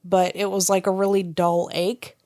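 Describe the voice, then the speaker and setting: A woman with a mid-range voice talks on a casual podcast. She recounts her experience plainly and steadily, without rushing. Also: medium pitch, little pitch movement, mellow. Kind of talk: casual storytelling chat.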